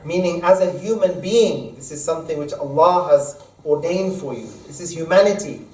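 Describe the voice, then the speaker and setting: A man's voice: on the high side, normal speed, a little mellow. A man giving a Friday sermon as imam, quoting Arabic verses and explaining them in plain terms. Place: mosque hall. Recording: echoey hall, mic at a distance.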